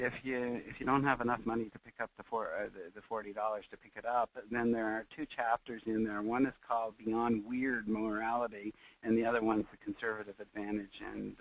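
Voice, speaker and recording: A man presenting a webinar lecture, speaking in a measured, searching way with frequent pauses. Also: lowish voice, creaky, fairly bright tone, low-quality recording.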